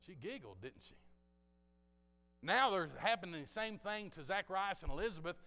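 A man's voice: high voice, sing-song, normal speed, sharp tone. A man preaching a sermon in a chatty, joking way, talking straight to the congregation in a church. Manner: conversational, jokey preaching with asides to the congregation. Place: church sanctuary. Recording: long hall reverb.

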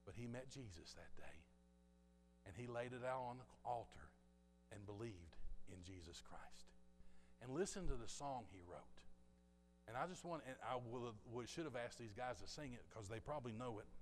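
A man preaching a sermon, telling a story with passion and swinging between loud bursts and hushed asides. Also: mid-range voice, lively intonation, normal speed, pauses often, a little hiss or hum. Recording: long reverb of a large hall.

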